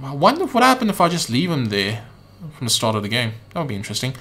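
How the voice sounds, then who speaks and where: A man's voice: mid-range voice, huge pitch swings, quick pace, fairly bright tone. A man streaming a game, offhand and wry, thinking aloud as he plays. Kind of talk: casual let's-play commentary.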